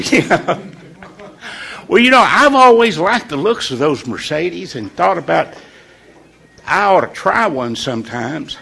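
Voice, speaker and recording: A man leading an informal morning devotional in a folksy, conversational way, pausing on purpose for emphasis. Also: a little high, gravelly, a bit bright, husky. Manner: folksy and conversational, with deliberate pauses. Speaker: devotional leader.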